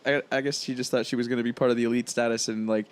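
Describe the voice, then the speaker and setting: Brief: mid-pitched man, blunt and profane, casual podcast banter. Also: level tone, very fast, smooth. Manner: blunt, profane, laughs at his own jokes. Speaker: podcast co-host. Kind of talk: casual chat.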